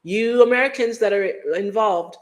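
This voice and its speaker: A woman's voice: on the high side, moderate pace. A middle-aged woman from Guyana hosting a livestream, rambling in casual chat and breaking into hummed beats and mock voices. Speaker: livestream host.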